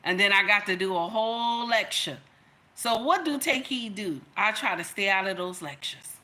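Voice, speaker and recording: Middle-aged woman, bright and emphatic, preaching advice to her livestream audience. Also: medium pitch, expressive, moderate pace. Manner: emphatic, sermon-like, addresses viewers directly. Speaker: livestream host giving relationship advice.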